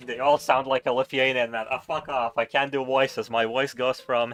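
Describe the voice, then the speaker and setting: A man playing a visual novel and commenting casually, loud, joking and swearing. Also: medium pitch, level tone, moderate pace. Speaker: let's play gamer.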